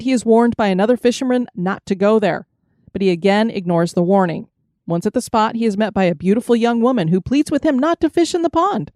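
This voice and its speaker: Mellow woman narrating ghost stories. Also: medium pitch, dry recording, studio quality. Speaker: podcast host. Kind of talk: storytelling narration.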